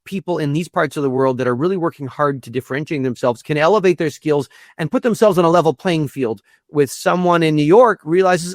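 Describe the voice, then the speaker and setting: A man speaking as a guest in a conversational interview, earnest and prone to repeating words as he thinks, with a gravelly voice. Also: fairly high pitch, brisk, few pauses, no echo, clean studio sound. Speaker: guest, institute executive director.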